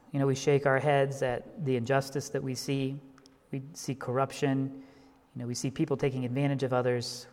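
A man's voice: mid-range voice, a little mellow, big-room sound. A male pastor preaching a sermon, telling a story and building to impassioned emphasis before leading a prayer.

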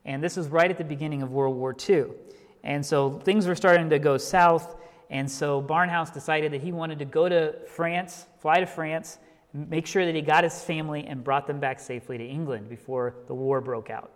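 A man's voice: on the high side, fairly even intonation, moderate pace, big-room sound. A male pastor preaching a sermon, telling a story and building to impassioned emphasis before leading a prayer.

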